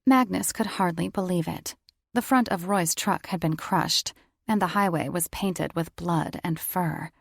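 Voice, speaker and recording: A woman narrating an audiobook with steady, measured storytelling. Her voice sits a little low with a gravelly edge. The recording is dry and close to the mic. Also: dry recording.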